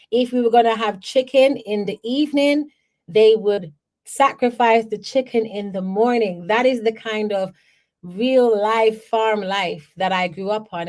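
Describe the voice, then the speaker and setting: A woman from Jamaica, a podcast host telling personal stories in an animated way, often checking in with the listener. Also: medium pitch. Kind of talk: personal storytelling.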